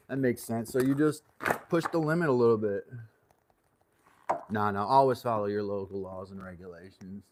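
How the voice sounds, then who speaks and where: A man's voice: mid-range voice, fairly even intonation, moderate pace. A man hosting a casual workshop livestream, rambling and joking as he works. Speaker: channel host. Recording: loud scraping and clicking noise.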